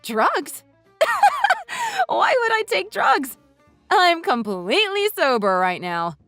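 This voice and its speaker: A woman's voice: sits high, very animated, slow, dry recording, faint music behind, exaggerated voice. A woman voicing a sarcastic, furious wife. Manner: sharp, sarcastic, cutting. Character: furious wife confronting her in-laws. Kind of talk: voiced text-message story.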